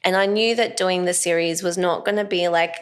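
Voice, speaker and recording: A lowish, fairly quick female voice belongs to an actress and comedian from Australia, chatting loosely as an interview guest. Lively in manner, she acts out voices as she recounts stories.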